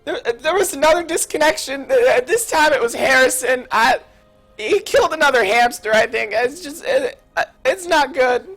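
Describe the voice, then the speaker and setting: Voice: high-pitched, animated, normal speed, a bit bright, faint music behind, voice pushed up. Anxious teen boy, stammers and whimpers; a caster's impression. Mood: fretful. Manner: stammering, whiny, near tears.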